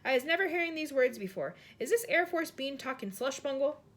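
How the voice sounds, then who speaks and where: A woman's voice: high voice, lively intonation, a little fast, fairly bright tone, voice pushed up. A woman doing a jumbly-worded big friendly giant. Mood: cheerful. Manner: mangled words, cheerful.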